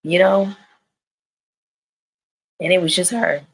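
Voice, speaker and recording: Speaking slowly in a husky voice that sits on the low side, the woman gives her viewers a candid, profane, slang-filled take on reality TV. It's casual stream chat, and the audio quality is rough.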